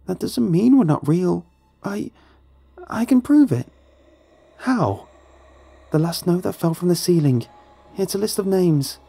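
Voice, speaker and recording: A man's voice: high-pitched, expressive, moderate pace, vocal fry, dark tone, slightly rough, pitched above the performer's own voice, full character voice. A man voicing a frightened young boy who pleads for help in a horror story. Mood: urgent. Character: frightened young boy trapped among suffering voices. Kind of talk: scripted horror narration.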